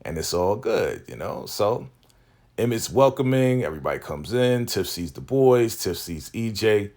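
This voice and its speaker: A man with a deep, low-pitched voice walks through a TV episode in a relaxed recap. His talk is loose and full of slang, and he acts out the characters' lines as he goes. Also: normal speed. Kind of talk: casual spoken recap commentary.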